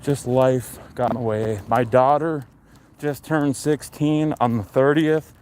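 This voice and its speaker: A man in his forties on a casual live stream, chatting in a relaxed, rambling and enthusiastic way. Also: mid-range voice, slow pace. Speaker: livestream host. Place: outdoors on a neighborhood street. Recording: faint outdoor street noise.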